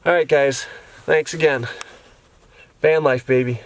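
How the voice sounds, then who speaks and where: Recording from inside his camper van after a long day, a tired man chats casually for his vlog. His voice sits a little high and stays steady and unhurried, though he rambles with plenty of restarts and fillers.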